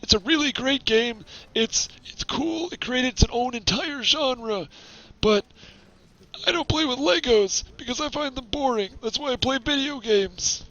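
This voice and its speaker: A man's voice: very high voice, a little slow, a bit bright, lo-fi sound. A man giving chatty, self-deprecating commentary while streaming a game.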